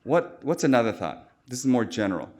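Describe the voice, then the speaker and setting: A man's voice: medium pitch, big pitch swings, a little fast, a little mellow. Chatty man giving a surgical lecture. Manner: informal, chatty, jokey with quoted asides. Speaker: surgeon lecturer. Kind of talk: conference lecture. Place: lecture hall.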